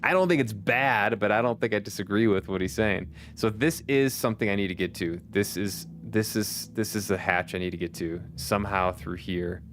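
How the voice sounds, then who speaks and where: A man's voice: lowish voice, moderate pace, few pauses, fairly bright tone, slight background noise. A man streaming a video game, chatting casually with his viewers, laughing often and swearing now and then. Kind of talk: casual chat while gaming. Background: faint background music.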